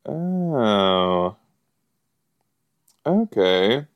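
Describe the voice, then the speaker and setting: A man with a lowish voice talks slowly through his reactions to a show. His watch-along commentary is chatty and excitable, peppered with fillers and little gasps. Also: highs cut off. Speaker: podcast host reacting to an episode.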